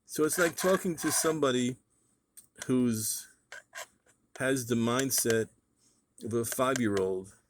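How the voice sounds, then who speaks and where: A man's voice: mid-range voice, slow, pauses often, noisy background. A man speaks straight to his viewers in a casual vlog monologue. His voice sits in an ordinary middle range. He rants emphatically and circles back to the same points over and over. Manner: emphatic, ranting, repeats points. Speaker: vlogger.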